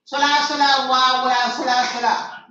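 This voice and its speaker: A woman reading the part of a clownish male servant, calling out loudly for his master. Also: fairly high pitch, steady tone, quick pace, slight background noise. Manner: loud calling out. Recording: echoey distant lo-fi online lecture.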